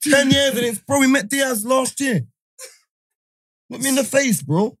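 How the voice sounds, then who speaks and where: A man, telling a story in casual podcast chat, animated and full of laughter and slang. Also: very high-pitched, a little slow, no room sound, clean studio sound. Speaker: podcast host.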